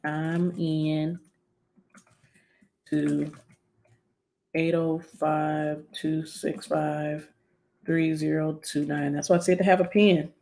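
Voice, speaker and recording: A woman's voice: low voice, little pitch movement, takes it slowly, vocal fry, pauses often, warm tone. A woman psychologist talking casually on a live stream, chatty and long-winded, with many fillers and an upbeat, encouraging manner.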